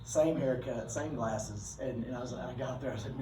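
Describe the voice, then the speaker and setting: A man's voice: mid-range voice, brisk. Male teacher telling rambling stories. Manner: rambling, animated anecdotes with self-corrections. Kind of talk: anecdotal classroom storytelling. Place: classroom. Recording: echoey room, distant mic, background noise.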